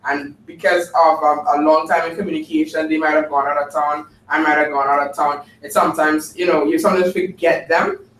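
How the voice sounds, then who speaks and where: A man's voice: on the high side, fairly bright tone, recorded from a distance, slight background noise. A man giving an upbeat, chatty report at a group meeting, with many fillers. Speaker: team member giving a report. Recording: echoey room mic from afar, light ambience.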